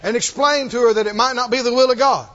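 A man preaching a sermon, telling the story with animated delivery, acting out quoted lines and chuckling often. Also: extremely high pitch, fast talker, dull audio.

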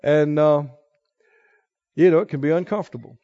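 Male pastor, middle-aged, high voice, sermon delivery, slightly muffled dry recording. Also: fairly even intonation, moderate pace, clear, resonant tone, no echo. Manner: emotional storytelling, rising to forceful exhortation.

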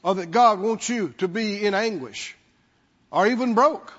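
A male pastor with a very high voice preaches slowly and emphatically, repeating key words and calling on the congregation to answer back. His voice rings through a long hall reverb in a church sanctuary, and the recording sounds dull and lo-fi. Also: a bit bright. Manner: emphatic, repetitive call-and-response with the congregation. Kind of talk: sermon.

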